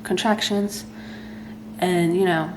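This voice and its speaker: A young woman vlogging casually about her pregnancy, chatty and excitable, full of fillers. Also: on the low side, slow pace, noisy background.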